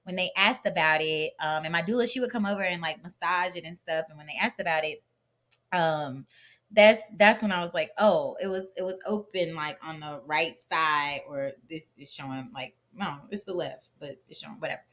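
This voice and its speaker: Podcast guest, woman, bright and clear tone, chatty storyteller who restarts sentences often. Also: low-pitched, normal speed. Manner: chatty and animated, with many fillers and restarts. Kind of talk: casual conversational storytelling.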